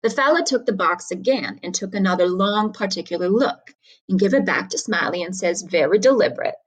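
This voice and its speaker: A woman talks through a story casually and then reads it aloud. Her delivery is conversational and unhurried, and her pitch sits in the middle range. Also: lively intonation, low-quality recording. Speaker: reader.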